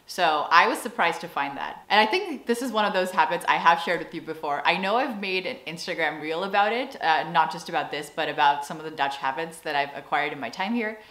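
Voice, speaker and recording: A young American woman talking casually to camera in a vlog, chatty and animated, with playful acted-out asides. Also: low-pitched, a little fast, hardly any pauses, echoey room. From United States. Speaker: vlogger.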